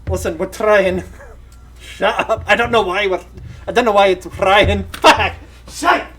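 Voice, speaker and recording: A man's voice: high voice, steady tone, unhurried, bright, forceful tone, breathy edge. A man co-hosting a casual gaming news show, talking in a playful, rambling way and stumbling over his words. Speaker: podcast co-host.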